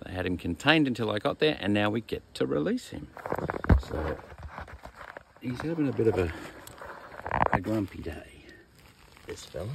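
A man's voice: on the low side, very animated, normal speed, creaky, long pauses, very noisy. An Australian man chatting casually outdoors as he releases a snake, teasing it in a laid-back way. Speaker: snake catcher. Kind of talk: casual outdoor vlog narration. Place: outdoors among bushes.

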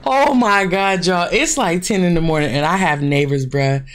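A woman gamer giving loud, reactive commentary on horror games, swearing and calling out to viewers as y'all. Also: fairly low pitch, moderate pace. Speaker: gaming channel host. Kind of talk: horror game let's play commentary.

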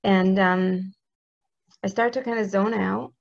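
An earnest woman gives a heartfelt spiritual talk in a flat, gravelly voice. Her tone is intimate and close. The recording sounds somewhat dull and lo-fi. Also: medium pitch, unhurried. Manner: intimate, earnest, speaks prayers aloud. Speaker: religious teacher.

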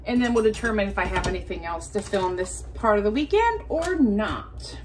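A woman vlogging casually from home, chatty and rambling, now and then talking to her cats in a soft baby voice. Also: mid-range voice, lively intonation, normal speed, a little hiss or hum. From United States. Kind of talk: casual day-in-the-life vlog.

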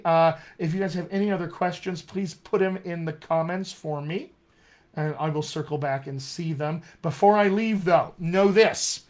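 A man with a General American accent, teaching accents in a live-streamed lesson with an energetic, emphatic manner. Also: fairly high pitch. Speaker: dialect coach. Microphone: webcam or phone mic.

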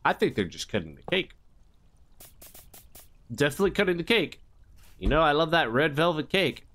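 A man narrates his horror game playthrough in a jokey, rambling way, feigning innocence as he goes. His voice sits a little high and swings widely in pitch. He breaks into sing-song sound effects now and then. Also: big pitch swings, normal speed, a bit bright. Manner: mock-innocent asides. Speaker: gaming youtuber. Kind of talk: comedic let's play commentary.

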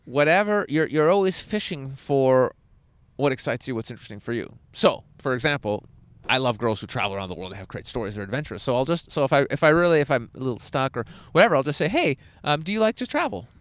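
A man coaching a seminar crowd, animated and profane, acting out little dialogues as he goes. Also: mid-range voice, fast, clear, resonant tone, no echo. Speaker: dating coach. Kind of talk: energetic seminar talk. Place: indoor seminar room.

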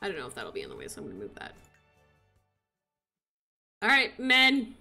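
Excitable, bright-voiced woman gamer. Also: low-pitched, moderate pace, gravelly, soft background music. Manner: excitable, cheering and laughing. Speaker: gaming video creator. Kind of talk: casual game commentary.

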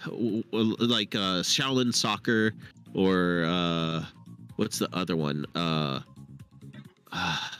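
A man with a lowish voice chats loosely on a live stream, stopping and restarting as he hunts for his words. Faint music plays softly behind him. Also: steady tone, takes it slowly. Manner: hesitant, lots of fillers and restarts. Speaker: podcast host. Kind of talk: casual chat.

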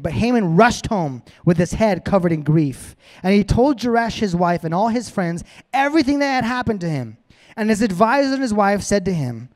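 A man preaching a sermon, retelling a story in a casual, animated way. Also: sits high, moderate pace. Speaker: pastor.

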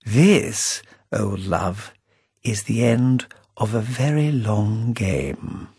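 A man's voice: lowish voice, expressive, drawn-out words, vocal fry, very noisy, full character voice. A man voicing a breezy, plummy English spymaster. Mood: knowing.

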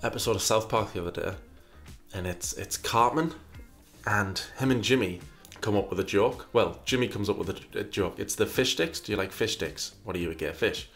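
Burpy after breakfast, a man with a fairly low, fairly bright voice hosts a casual commentary show at a moderate pace, reading viewer questions aloud. His answers are wry and rambling, and he keeps doubling back to restart sentences over faint background music.

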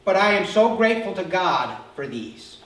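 High-voiced pastor in an echoey church. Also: male voice, sing-song, normal speed, a bit bright. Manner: conversational, asks the congregation questions. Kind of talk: sermon. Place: church sanctuary. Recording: echoey church hall miked from far off.

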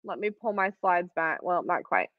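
A quilting instructor with a fairly low, very animated voice runs a live online class at normal speed, chatty and encouraging, saying um often as she works and answers viewers' questions. The stream audio is dry and slightly dull.

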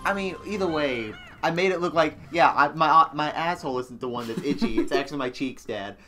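A man's voice: fairly high pitch, fairly quick, pushed and bright, soft background music. A young man co-hosting a let's play, telling crude jokes and stories in casual chat while gaming. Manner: crude joking storyteller.

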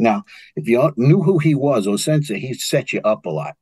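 A man's voice: mid-range voice, moderate pace, slightly rough, dry recording. An older man with a New York accent, telling martial arts stories as a guest in an interview. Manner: animated storyteller, acts out quotes. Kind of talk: storytelling interview.

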